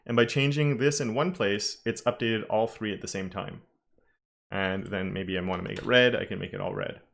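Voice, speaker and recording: A man's voice: on the low side, moderate pace, creaky, a bit bright. A man teaching a live-streamed coding lesson, talking casually and thinking aloud with frequent self-corrections. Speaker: web development instructor.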